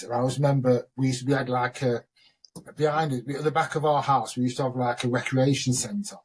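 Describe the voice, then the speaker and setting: A middle-aged man from the with a husky, slightly breathy voice. He rambles through his stories in a loose, chatty way and is quick to laugh. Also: mid-range voice. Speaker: host. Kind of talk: casual chat.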